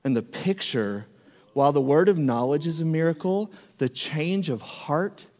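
Male preacher, fairly high voice, animated storyteller, big echoey hall. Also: measured pace. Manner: animated storyteller, acts out quoted speech. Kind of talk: sermon storytelling.

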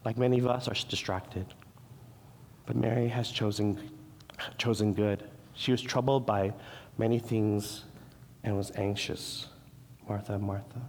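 A man's voice: fairly low pitch, steady tone, measured pace, creaky, long pauses, a little mellow, a little hiss or hum. A man preaching a sermon as pastor, earnest, restarting his words and acting out the quoted voices. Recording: long hall reverb.

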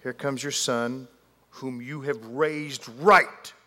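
A man preaching a sermon, telling a story animatedly with drawn-out pauses and asides to the congregation. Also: medium pitch, steady tone, bright, forceful tone. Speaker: pastor. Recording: long hall reverb.

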